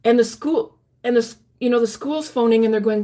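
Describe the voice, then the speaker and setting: Woman haltingly telling her own story. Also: on the high side. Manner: halting, earnest, many restarts. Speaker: vlogger recounting her life. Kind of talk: personal storytelling.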